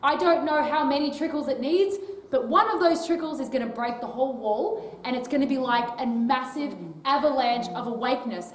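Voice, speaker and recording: High-pitched and brisk, an Australian woman on a speaking tour gives a casual, chatty talk to a live audience. She sprinkles in tag questions like "right?", and the old library hall where she stands indoors echoes, leaving her voice distant.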